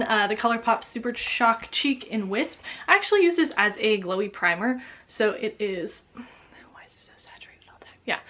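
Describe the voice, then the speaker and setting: A young woman talking about makeup in a casual vlog, dramatic and swearing, growing loud when excited. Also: on the high side. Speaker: beauty vlogger.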